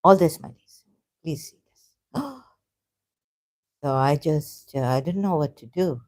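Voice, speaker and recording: A woman vlogging about religion to camera, hesitant and halting with many restarts, earnest and openly frustrated. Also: low-pitched, darkish tone. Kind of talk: unscripted talk to camera.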